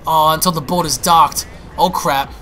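A young man giving excitable, panicky gameplay commentary, stammering and restarting as he plays. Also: a little high, moderate pace, a little hiss or hum. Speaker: gaming YouTuber.

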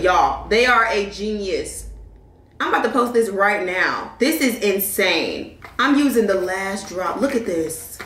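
A young woman from Flint, Michigan chatting casually to her viewers as she unboxes things, animated and calling them y'all. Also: mid-range voice, measured pace, distant mic, slight background noise. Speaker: lifestyle vlogger. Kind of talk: casual vlog chat. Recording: echoey room, voice a bit off-mic.

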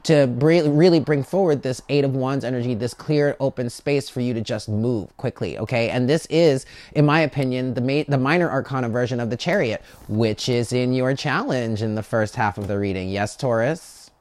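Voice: medium pitch, normal speed, hardly any pauses, a little mellow. A tarot reader giving a casual monthly reading to the camera, chatty, often checking in with the listener and stumbling over repeated words.

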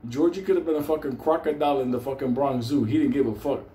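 A man's voice: medium pitch, fast. Profane New man telling a story. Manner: animated, swears constantly, laughs through the tale. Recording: roomy echo with faint noise.

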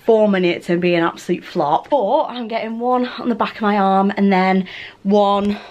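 A woman's voice: medium pitch, darkish tone, highs cut off. A young woman, vlogging casually to a handheld camera, chatty and flustered. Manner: chatty and flustered, quick asides. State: out of breath.

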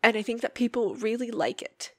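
A woman's voice: fairly high pitch, fairly quick, darkish tone, no room sound, studio quality. A woman hosting her own podcast, talking earnestly and emotionally in a personal monologue and swearing freely. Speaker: podcast host.

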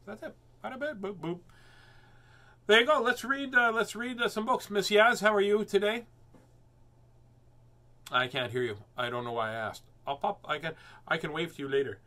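A man's voice: mid-range voice, bright, forceful tone. A man hosting a live read-aloud of a children's book, chatting playfully between pages in a rambling, joking way full of fillers. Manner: rambling and jokey, with many fillers and silly sounds. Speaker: host reading children's books aloud.

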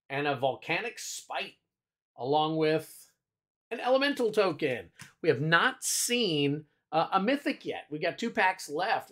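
A man's voice: a little high, a bit bright. A man hosting a card-opening video, chatting casually as he names each card he pulls. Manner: chatty, lists cards aloud with little asides. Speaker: card-opening channel host.

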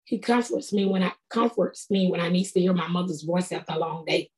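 A woman's voice: on the low side, a little fast, a little mellow. Woman, middle-aged, sermon, colloquial, earnest. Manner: earnest, conversational preaching with colloquial speech. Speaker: prophetess preaching.

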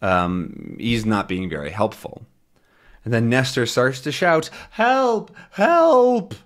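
A man teaching English, slowly explaining a comic to learners in simple, repeated words. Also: fairly low pitch, very animated, a bit bright. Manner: slow, simple, repetitive explanations.

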